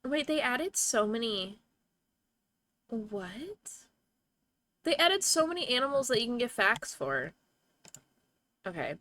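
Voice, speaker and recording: A woman's voice: on the high side, very animated, slow pace, pauses often, bright, forceful tone. A young woman streaming from home, chatting casually with her viewers, swearing freely and breaking into laughter. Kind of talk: casual livestream chat.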